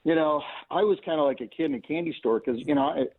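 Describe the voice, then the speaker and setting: A man calls in and tells a long string of stories about racing in a loose, meandering way, often stopping to restart a sentence. His voice has a gravelly edge, and it comes through a thin, tinny phone line. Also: a little high, fast talker. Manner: rambling, lots of "you know" and restarts. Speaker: race car owner, guest. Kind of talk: casual anecdotal storytelling.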